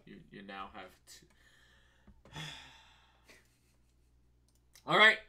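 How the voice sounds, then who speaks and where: A man's voice: fairly low pitch, big pitch swings, drawn-out words, bright, forceful tone. A man running a tabletop game as dungeon master, narrating in a casual, profane way and laughing along.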